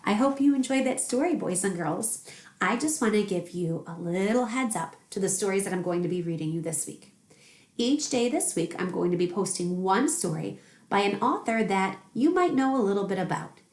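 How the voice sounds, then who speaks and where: A woman teacher reading a picture book aloud to young children, expressive and gentle. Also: medium pitch, normal speed, echoey room. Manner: warm, expressive storytelling.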